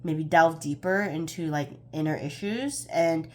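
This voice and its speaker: A woman's voice: low-pitched, measured pace, a little mellow. A young woman giving a casual pick-a-card tarot reading, chatty and a bit scattered, often laughing at herself.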